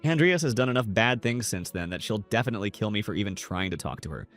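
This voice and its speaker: A man's voice: on the low side, expressive, fast, a bit bright, faint music behind. A man voicing a young male necromancer student, anxious and regretful, in plainly read inner monologue. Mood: brooding.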